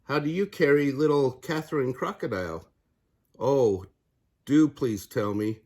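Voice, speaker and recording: A sweet, worried mother kangaroo, done by a grandfather reading aloud begs the other animals for help, her pitch lifted and pleading. The tone stays husky and a little breathy. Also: a little slow, a little mellow, close to an everyday voice. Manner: tearful, pleading.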